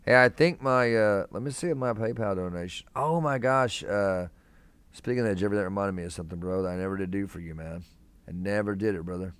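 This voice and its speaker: A man's voice: lowish voice, fairly quick, clean tone, no room sound. A young man hosting a casual live stream from a hospital room, chatting laid-back with viewers and calling them man and brother.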